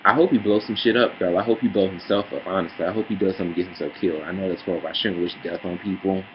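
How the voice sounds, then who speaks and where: A man ranting sassily in a casual vlog, calling listeners girl and honey, heated and swinging between mutters and loud outbursts. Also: deep voice, steady tone, racing, lo-fi sound, slight background noise. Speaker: vlogger. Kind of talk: casual opinion rant.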